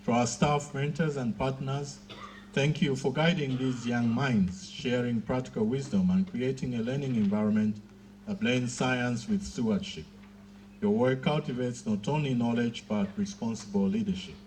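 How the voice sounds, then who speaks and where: A man giving a formal graduation speech, measured and pausing often with fillers. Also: mid-range voice, darkish tone, a little hiss or hum. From Southern Africa.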